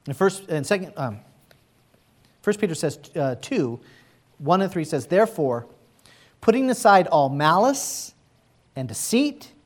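A man preaching a sermon as pastor, conversational and animated, asking the congregation to answer back. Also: high voice.

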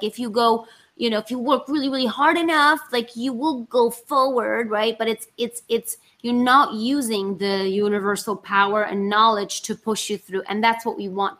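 Woman, actress, chatty and animated, voice sitting a bit high. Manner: animated, talks in rushes, acts out her inner voice. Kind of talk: casual conversation.

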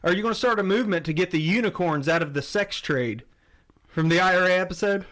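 A man's voice: high-pitched, fast talker, fairly bright tone. A man co-hosting a podcast, joking playfully and laughing often. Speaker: podcast co-host. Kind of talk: casual podcast conversation.

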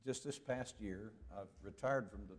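An older man from the southern United States speaks at a normal pace in a lowish voice with a Deep South Alabama accent. A visiting preacher in a church sanctuary, he drawls joking, folksy stories at the pulpit microphone to introduce his sermon.

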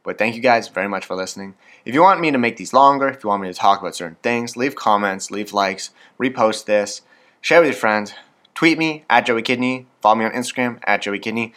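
His voice fairly low yet fairly bright, a twenty-something Canadian podcast host runs a casual solo show, wired on coffee. He rambles, jokes at his own expense, and leans on fillers.

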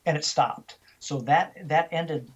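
An older man, interviewed as a guest, tells a story animatedly, often restarting and repeating words. His voice is a little high and husky, his pace slow, and the sound lo-fi.

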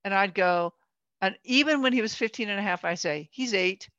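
A woman in her sixties chats and tells stories, acting out quotes and laughing often. Her voice is medium-pitched, a little fast and fairly bright, with no room sound on a dull, dry lo-fi recording.

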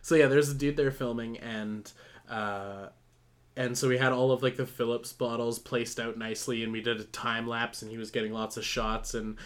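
A man's voice: mid-range voice, flat delivery, normal speed. Young guy rambling thru a story on a podcast, laughs at himself, swears a lot. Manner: rambling, self-mocking, heavy on "like" and swearing. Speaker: podcast co-host. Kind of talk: casual storytelling chat.

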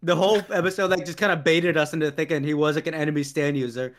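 A young man co-hosting a casual podcast chat. He rambles loosely and leans on fillers, and his voice sits a little on the high side. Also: fairly even intonation, quick pace. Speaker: podcast co-host.

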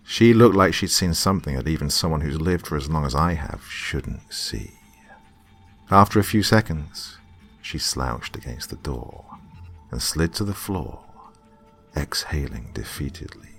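A man reading a scripted horror story in a slow, hushed, dramatic manner. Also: extremely low pitch, animated, breathy edge, soft background music. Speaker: narrator.

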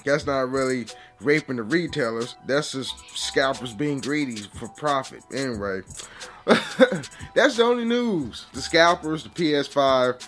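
A man's voice: mid-range voice, measured pace, a bit bright. Dude rambling on his podcast, cussing, laid-back, camera mic at home, faint music behind. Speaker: podcast host. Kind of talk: casual solo podcast chat. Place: at home, just out of bed. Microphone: vlogging camera mic.

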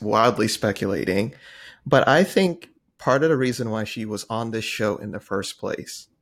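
A man's voice: medium pitch, a bit bright. A man co-hosting a casual podcast chat, floating his theories and joking in disbelief. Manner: theorizing, exasperated jokes. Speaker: podcast co-host.

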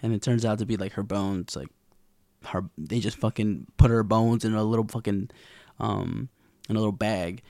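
A man's voice: lowish voice, moderate pace, a little mellow, dry recording. A young man recapping a TV episode in a rambling, casual way, full of slang and swearing. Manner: rambling, profane slang, lots of fillers. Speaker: TV recap vlogger.

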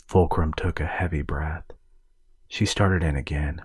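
A man hosting a podcast and narrating a story in calm, measured scripted narration on a close mic. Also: rumbling low, husky, dry recording.

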